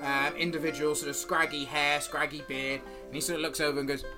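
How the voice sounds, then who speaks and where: A man's voice: a little high, little pitch movement, fairly quick, music in the background. A man running a tabletop game as game master, narrating in a loose way with many fillers.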